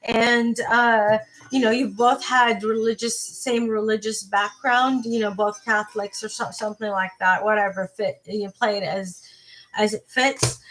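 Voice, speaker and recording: A woman's voice: a little high, steady tone, unhurried, fairly bright tone, low-quality recording. A woman giving a live tarot reading, talking to her viewers in a rambling, playful, casual way and swearing now and then. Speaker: tarot reader.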